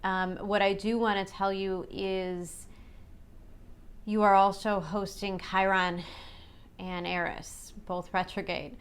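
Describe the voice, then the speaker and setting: A woman's voice: medium pitch, flat delivery, takes it slowly, clear, resonant tone. A woman reading tarot and astrology in a chatty, reassuring way, often checking in with her listeners. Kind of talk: casual astrology forecast.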